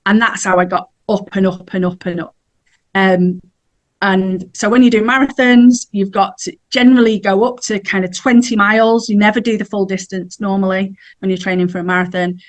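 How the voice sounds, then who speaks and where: A woman's voice: medium pitch, steady tone, normal speed. A middle-aged woman, telling a personal story in a chatty way as a podcast guest and laughing now and then. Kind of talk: casual storytelling.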